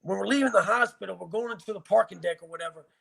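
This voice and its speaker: A man's voice: sits high, very fast, vocal fry, fairly bright tone, slightly rough. A man from Virginia bluntly recounting hard times in a casual, profane, emotional interview. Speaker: guest telling his life story.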